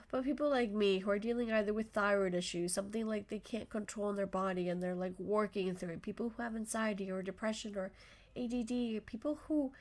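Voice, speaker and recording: A woman with a mid-range voice talks briskly on her solo motivational podcast. She's effusive and passionate, rambling and interrupting herself as she goes.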